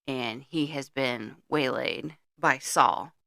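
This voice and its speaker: A middle-aged woman with a low, gravelly voice and a bright, sharp edge chats through a film's plot. She is blunt and swears freely. The sound is close and dry. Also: slow, no room sound. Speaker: podcast co-host. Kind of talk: casual movie-review chat.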